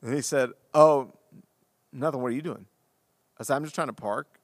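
Animated storytelling pastor, dry close mic. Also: male voice, mid-range voice, normal speed, no room sound. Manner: animated and self-deprecating, acting out the dialogue. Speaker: pastor and podcast co-host. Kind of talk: casual conversational storytelling.

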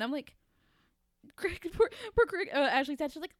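Animated woman from Kentucky. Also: high voice, moderate pace, no echo, clean studio sound. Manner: animated, acts out characters' lines, many fillers. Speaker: guest author. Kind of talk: casual podcast chat.

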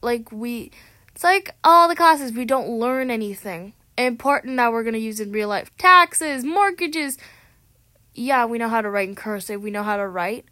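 A woman's voice: a little high, lively intonation, normal speed, pushed and bright, no echo. A teenage girl ranting casually to camera as a vlogger, dramatic and sarcastic, often correcting herself mid-sentence, recorded on a tablet microphone. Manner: chatty, dramatic and sarcastic, with frequent self-corrections.

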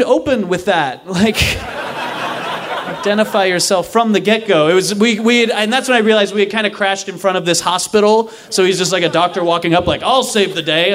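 Animated young man telling a stage story. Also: high-pitched, moderate pace, background noise. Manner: animated, acts out other people's lines. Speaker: stand-up storyteller. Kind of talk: live comedic storytelling. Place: live stage before an audience.

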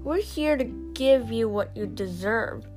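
A woman's voice: on the high side, expressive, unhurried. A woman voicing a feisty young schoolgirl who speaks out boldly. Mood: spirited. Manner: cries out, spirited. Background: instrumental music.

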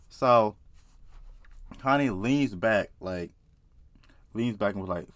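A man casually telling a story to camera, profane and excitable, often laughing. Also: fairly low pitch, measured pace, long pauses, no echo. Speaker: vlogger.

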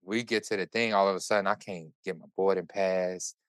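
A man hosting a podcast, telling a story in casual chat with animated, profane, run-on delivery. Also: low voice, brisk, clear, resonant tone, no room sound. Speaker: podcast host.

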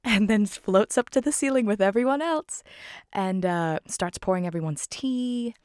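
A woman's voice: mid-range voice, moderate pace, darkish tone, smooth, no echo, clean studio sound. A woman casually retelling a film scene by scene, chatty and giggling often.

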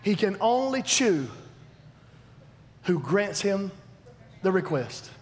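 Very high-voiced preacher in echoing hall. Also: male voice, slow. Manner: animated, emphatic, swings from loud to hushed. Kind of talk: sermon. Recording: long hall reverb, faint background noise.

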